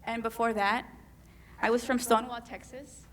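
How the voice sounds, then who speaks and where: Woman from Mexico, keynote speaker, slightly high voice, measured and lyrical poetic delivery. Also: fairly even intonation, slight background noise. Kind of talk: poetic spoken presentation. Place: conference hall.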